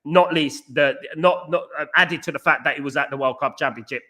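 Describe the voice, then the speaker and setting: A man's voice: on the high side, a little fast, sharp tone. A man hosting a casual football fan live stream, passionate and repetitive, often speaking straight to his viewers. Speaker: podcast host.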